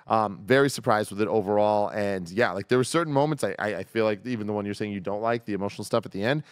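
A man co-hosting a casual movie review podcast, talking with animated enthusiasm and getting loud on the high points. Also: quick pace, clear, resonant tone, no room sound, studio quality. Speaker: podcast co-host.

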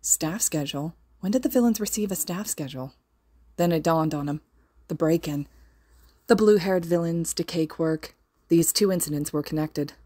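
A woman reading fan fiction aloud as a podfic narrator, in a steady, expressive storytelling manner. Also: sits low, normal speed, no room sound, studio quality. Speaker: podfic reader.

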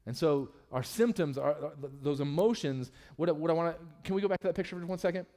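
Candid, joking male pastor preaching. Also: fast. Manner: candid and humorous, with lively swings in pitch and loudness. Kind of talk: sermon. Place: church sanctuary.

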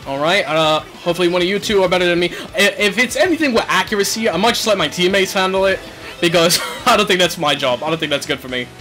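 A man commentating his own racing game play, excitable, shouting and laughing at the game. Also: high voice, fast talker, soft background music. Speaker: gaming channel host.

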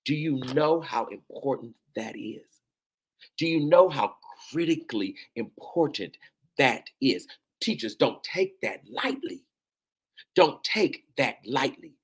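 A man's voice: medium pitch, fairly bright tone. A man giving a fervent, preacher-like address to teachers, emotional and near tears at times, repeating phrases and calling out to the listeners.

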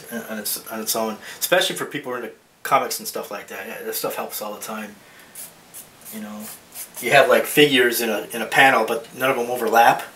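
A man's voice: mid-range voice, fairly bright tone. A man teaching a drawing lesson as he works, thinking aloud and rambling, with many restarts. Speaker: art teacher. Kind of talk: drawing demonstration. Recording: roomy echo, mic at a distance, faint hiss.

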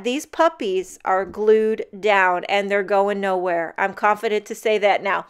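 A woman's voice: mid-range voice, a little slow, clear, resonant tone. A woman narrating a casual craft tutorial in voice-over, chatty and talking straight to the viewers. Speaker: card-making crafter.

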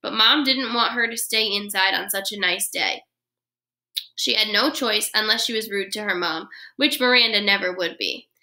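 A woman, a first grade teacher, reading a children's chapter book aloud with expressive storytelling. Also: medium pitch, normal speed.

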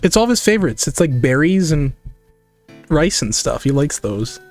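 A young man hosting a casual live art stream. His voice sits high and moves a great deal as he reads chat aloud and argues back, cursing freely. His talk is loose and full of fillers. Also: very animated, normal speed, soft background music. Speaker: streamer and digital artist.

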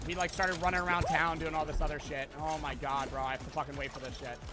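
A young man streaming a game, chatting in a slangy, excitable way and swearing often. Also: a little high, fast talker. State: out of breath. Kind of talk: casual gaming commentary. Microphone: headset. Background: game music.

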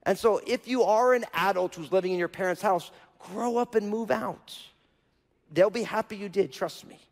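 Speaking at a moderate pace in a high voice, a male pastor delivers a sermon conversationally, often asking the audience "right?". The setting is a church auditorium, and the recording has a church hall's long reverb.

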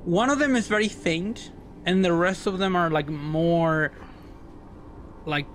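A man's voice: high voice, measured pace, a little hiss or hum. A man narrating as game master of a tabletop game, rambling and searching for words with lots of fillers.

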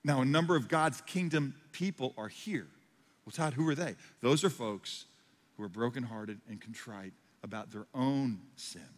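A man preaching a sermon as pastor, swinging from hushed lines to loud, emphatic ones. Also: mid-range voice, moderate pace. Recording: hall reverb.

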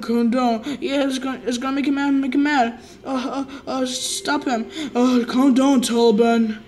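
High-voiced woman stammering through toy play. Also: moderate pace, roomy sound, poor audio. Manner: stammering, repeats words, switches between excited squeals and soft sleepy tones.

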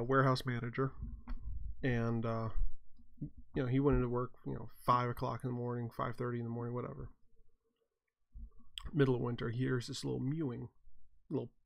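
A tired, yawning blacksmith hosts a chat show, rambling through casual stories and chuckling wryly at his own mishaps. His medium-pitched voice is creaky and fairly flat, moving at a moderate pace with frequent pauses.

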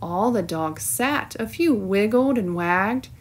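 Slow, expressive woman reading a storybook. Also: medium pitch. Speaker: teacher. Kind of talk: storybook read-aloud.

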